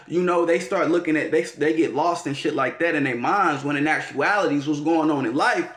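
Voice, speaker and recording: A man's voice: fairly high pitch, a little fast, hardly any pauses, a bit bright, echoey room. A man giving a slangy, profane, rambling casual monologue as an astrology vlogger.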